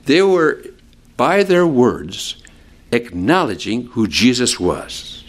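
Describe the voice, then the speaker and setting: A man preaching a sermon with a lively, swooping delivery that climbs high when he stresses a point. He talks his listeners through scripture like a teacher, dropping in casual asides along the way. His voice sits at an ordinary middle pitch. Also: slow pace. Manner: conversational, explains scripture with asides; animated, sweeping pitch for emphasis. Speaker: pastor. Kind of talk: expository sermon.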